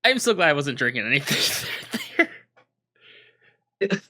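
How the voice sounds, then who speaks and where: A man's voice: on the high side, very animated, a little slow, pushed and bright. A man co-hosting a podcast, chiming in with playful, laughing reactions in casual chat.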